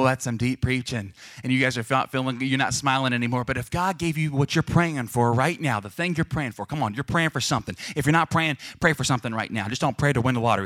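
A young man preaching a lively, joking sermon to a congregation, acting out the voices of people in his stories. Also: mid-range voice, dry recording, studio quality. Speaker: pastor.

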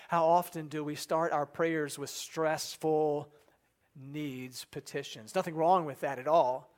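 A man preaching a sermon in an earnest way, asking the listeners questions and dropping soft and low for quoted prayers. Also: steady tone, slow. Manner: asks the congregation rhetorical questions. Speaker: pastor.

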